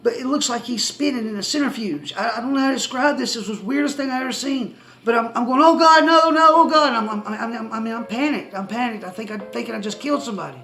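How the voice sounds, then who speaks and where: A man telling a personal testimony story to the camera, excitable and rambling with many restarts. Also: very high-pitched, fast talker, rough recording. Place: indoors, seated facing the camera.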